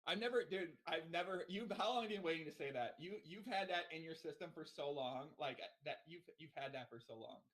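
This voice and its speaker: Fast-talking high-voiced joking man. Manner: joking, excitable, swears freely. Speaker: podcast co-host. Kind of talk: casual podcast chat.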